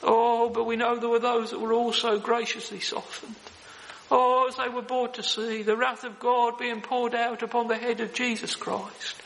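A man's voice: very high-pitched, little pitch movement, normal speed, creaky, fairly bright tone, big-room sound, a little hiss or hum, poor audio. A man preaching a sermon in a solemn, earnest manner, often calling out "oh" and "friends".

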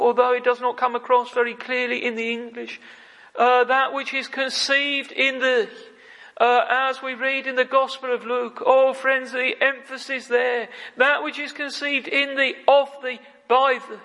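High-voiced fervent preacher in a hall. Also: male voice, little pitch movement, moderate pace, vocal fry, pushed and bright. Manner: fervent, repetitive, frequent "oh, friends". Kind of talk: sermon. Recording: long hall reverb.

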